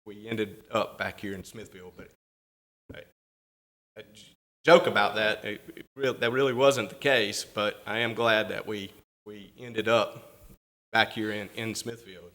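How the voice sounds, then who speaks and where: Low-pitched male official, folksy council remarks. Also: steady tone, measured pace, fairly bright tone. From North Carolina. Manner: folksy, self-deprecating, repeats words. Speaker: local official. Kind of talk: council meeting speech.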